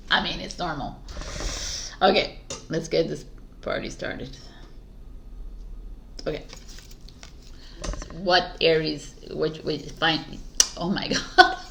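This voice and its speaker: A woman's voice: low-pitched, fairly even intonation, very slow, vocal fry, long pauses, fairly bright tone, slight background noise. A woman doing tarot intros who keeps laughing, stumbling over her words and swearing casually. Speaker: tarot reader. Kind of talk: casual blooper chat.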